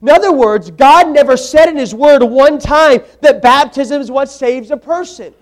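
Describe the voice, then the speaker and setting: A man's voice: extremely high pitch, normal speed. A man preaching a sermon, emphatic, repeating words for stress and putting questions to the congregation.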